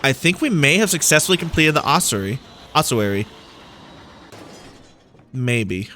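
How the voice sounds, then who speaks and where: Playful, bright-voiced male gamer. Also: medium pitch, sing-song, a little slow, a little hiss or hum. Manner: playful, jokey, goes off on tangents. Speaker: gaming YouTuber. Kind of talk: let's-play commentary.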